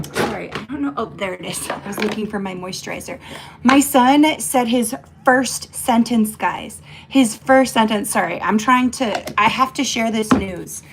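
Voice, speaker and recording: A woman's voice: medium pitch, background noise. Young mom vlogger, emotional and choked up, talks while doing her makeup, loose and rambling. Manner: emotional, rambling with many fillers and restarts. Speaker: mother vlogging.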